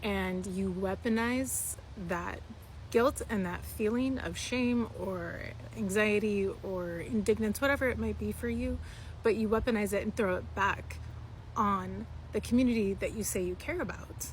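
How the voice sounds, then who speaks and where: A woman's voice: mid-range voice, a little slow, slight background noise. A woman speaking straight to camera in a blunt, scolding, lecturing way. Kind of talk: direct-to-camera commentary.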